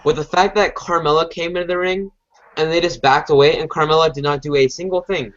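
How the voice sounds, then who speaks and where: A man hosting a podcast, reviewing a show in relaxed, casual chat full of fillers. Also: fairly high pitch, fairly quick. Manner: relaxed, chatty, many fillers. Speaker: podcast host. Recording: dull lo-fi recording.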